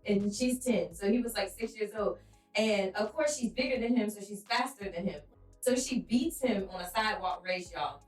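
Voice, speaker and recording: A woman's voice: medium pitch, normal speed, reverberant, distant mic, soft background music, poor audio. A woman co-hosting a faith-based podcast, talking in an emphatic, preacherly way and telling stories with animation. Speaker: podcast co-host.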